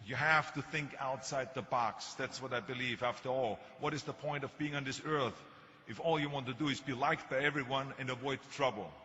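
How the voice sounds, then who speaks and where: A man's voice: medium pitch, a little fast, pushed and bright, lo-fi sound, slight background noise. An older man with a German accent giving a motivational speech, telling stories in an emphatic, self-mocking way. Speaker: motivational speaker. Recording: long hall reverb, faint ambience.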